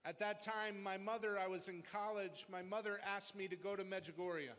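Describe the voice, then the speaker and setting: Man, 40s, high voice, deliberate testimony, reverberant hall. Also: steady tone, a bit bright. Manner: plain, deliberate storytelling. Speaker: witness giving testimony. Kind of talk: personal testimony.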